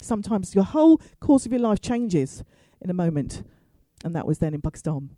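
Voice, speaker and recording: A woman's voice: fairly low pitch, big pitch swings, brisk, warm tone, no room sound, rough recording. A woman stand-up comedian telling a story with wry asides and free swearing. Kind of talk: comic storytelling.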